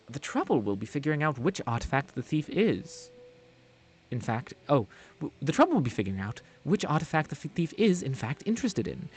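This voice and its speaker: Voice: medium pitch, darkish tone, a little hiss or hum, lightly acted. A streamer voicing a grave older woman with a Welsh accent, reading solemn lines with a few stumbles. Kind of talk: live-streamed game voice acting.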